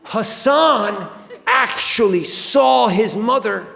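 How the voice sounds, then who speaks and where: A man from Iran performing a stand-up comedy routine with loud, animated storytelling on stage before a live audience. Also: high voice, takes it slowly, gravelly. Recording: reverberant live venue with crowd noise.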